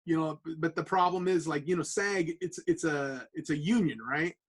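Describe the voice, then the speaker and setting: A man, a comic book artist guest, telling stories in casual podcast chat with animated, stammering restarts. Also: on the high side, moderate pace, breathy edge, poor audio.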